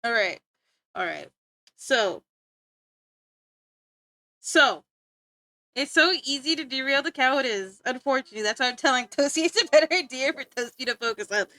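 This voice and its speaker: A young woman streamer with a high, bright voice, rambling along and giggling often as she keeps getting sidetracked. The sound is close and dry, with no room around it. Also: expressive, normal speed, long pauses, dry recording. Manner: giggly, easily sidetracked, talks to chat and friends. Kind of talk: casual rambling stream chat.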